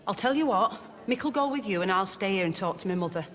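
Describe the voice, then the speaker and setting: A woman's voice: mid-range voice, animated, fast talker, a bit bright, in a large hall, lightly acted. An actress playing a fussing, anxious mother in a TV sitcom.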